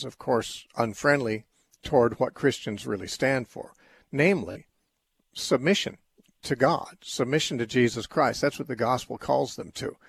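Man, radio call-in host, husky voice, measured teaching tone, middle-aged. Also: mid-range voice. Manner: measured, explanatory, occasional restarts.

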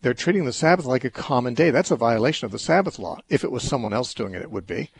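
Husky-voiced male radio Bible show host. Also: medium pitch, fast talker, no room sound. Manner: calm, reasoning, explains with everyday examples. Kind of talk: call-in Bible teaching talk.

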